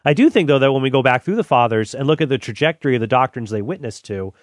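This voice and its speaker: A man reading old church writings aloud and commenting on them in a measured, deliberate way. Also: mid-range voice, animated, no echo, clean studio sound. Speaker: Catholic apologist host.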